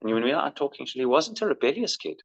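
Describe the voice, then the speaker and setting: A man's voice: medium pitch, very fast. Candid father telling stories, muffled audio. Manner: candid, animated when quoting himself and his son. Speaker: father recounting his son. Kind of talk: conversational storytelling. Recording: muffled lo-fi recording.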